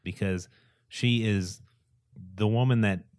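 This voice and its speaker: Casual co-host, man, low voice, dry close sound, rambling and excited. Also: slow, no echo. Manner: enthusiastic, rambling, acts out quotes. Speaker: podcast co-host. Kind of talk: casual chat.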